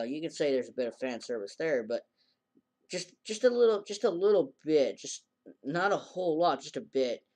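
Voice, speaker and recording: A man casually recapping an anime episode in a rambling way, acting out the characters' lines in a raised voice. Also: mid-range voice. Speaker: anime reviewer.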